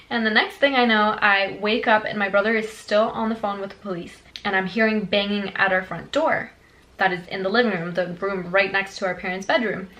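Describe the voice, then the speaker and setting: A young woman vlogger telling a childhood story in a chatty, animated way, full of fillers. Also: mid-range voice, poor audio. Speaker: beauty vlogger. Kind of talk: storytime vlog.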